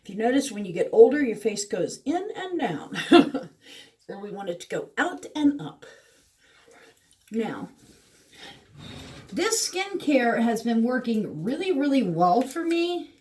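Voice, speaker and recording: A woman's voice: fairly high pitch, very animated, unhurried, pauses often, darkish tone, far from the mic. A middle-aged woman, chatting casually through a skincare routine with lots of fillers. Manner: chatty, rambling, frequent fillers. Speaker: beauty vlogger. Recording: voice a bit away from the mic.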